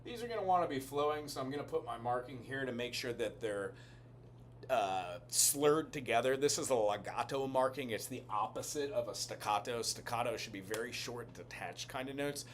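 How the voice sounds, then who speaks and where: A man's voice: mid-range voice, animated, moderate pace, a little hiss or hum. A man giving a casual music lesson, explaining chords and melody as he thinks aloud. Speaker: music teacher. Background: piano music.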